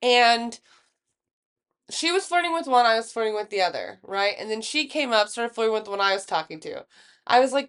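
Animated young woman telling a bar story. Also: fairly high pitch, moderate pace, smooth. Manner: animated storyteller, swearing, acts out quotes. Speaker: podcast co-host. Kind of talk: casual chat.

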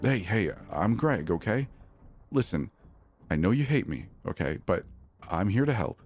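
A man's voice: on the low side, very animated, measured pace, darkish tone, faint music behind. A man voicing a nervous, guilty young male accomplice who talks in a hesitant, jittery way. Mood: sheepish.

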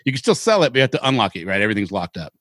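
Middle-aged man from Seattle, podcast co-host, rambling animated storyteller, dry close sound. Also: on the low side, rapid-fire, no room sound. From Seattle, Washington. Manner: rambling, animated anecdotes with casual swearing. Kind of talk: casual storytelling chat.

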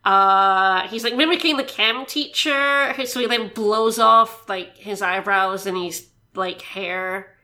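A woman co-hosting a casual movie-review podcast, chatty and animated, often restarting her sentences. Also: mid-range voice, slow. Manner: chatty, animated, self-interrupting. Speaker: podcast co-host.

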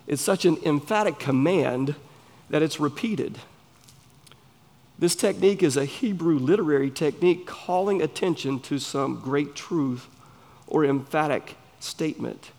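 A man with a Southern US accent, preaching a sermon in an earnest, emphatic way with pauses between phrases. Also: on the high side, vocal fry. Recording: long hall reverb.

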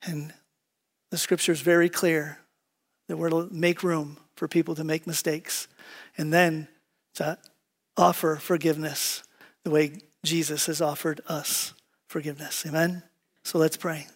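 A male pastor giving a sermon, praying and telling funny stories in a relaxed, conversational way to his congregation. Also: fairly high pitch, moderate pace. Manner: conversational, joking, animated quoting. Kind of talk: sermon with prayer and humorous stories. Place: church sanctuary with congregation.

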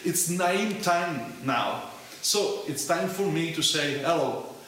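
A man's voice: fairly high pitch, expressive, a bit bright. A man from Italy with an Italian accent, a church founder playfully teaching a phrase in a recorded video greeting. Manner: playful, teacherly, slow repetition. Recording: very echoey room with faint hiss.

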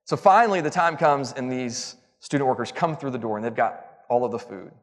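A man's voice: medium pitch, brisk. A man giving a church lesson in a chatty, self-mocking storytelling style that builds to emphatic points. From Southern United States. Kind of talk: storytelling sermon. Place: church auditorium. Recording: long reverb of a large hall.

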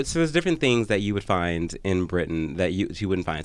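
A young man hosting a casual comedy podcast, telling stories in a campy, animated way and teasing his guests. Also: low-pitched, a little fast, dry recording. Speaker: podcast host.

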